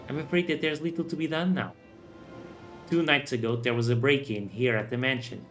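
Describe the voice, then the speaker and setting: A man's voice: medium pitch, fairly even intonation, fairly quick, fairly bright tone, natural voice. A man voicing a polite, genteel well-to-do lady who is flustered and prim, over faint music.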